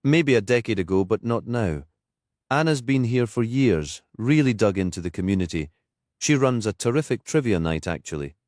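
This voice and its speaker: A man voicing a relaxed, matter-of-fact male police colleague in an audiobook. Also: lowish voice, normal speed, no echo, clean studio sound, pitched above the performer's own voice, natural voice.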